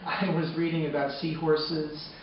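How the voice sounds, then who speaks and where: Guy telling a true story onstage, goes quiet and somber then loud, far off in a really echoey hall, muffled and noisy. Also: on the high side, a little slow. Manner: swings from hushed, sombre narration to loud, excited retelling. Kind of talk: personal storytelling on stage. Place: arts center stage before a live audience.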